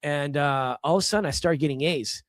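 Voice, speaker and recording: A middle-aged man from Los Angeles tells his story as a podcast guest, with a somewhat high voice that keeps jumping up with emphasis. He often restarts his sentences. The sound is dry and close, with no room echo. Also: a little fast. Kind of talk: casual storytelling.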